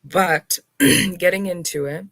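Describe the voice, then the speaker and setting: A woman hosting a live spiritual talk, unhurried and reflective, speaking to her viewers with soft laughs and pauses. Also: fairly low pitch, dry recording.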